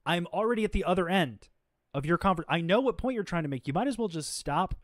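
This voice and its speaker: This livestream host has a high-sitting, expressive voice and talks fast, captured in clean studio sound without any room noise. Speaking unscripted, he sounds exasperated and confrontational as he complains of exhaustion, stumbling through many fillers and restarts.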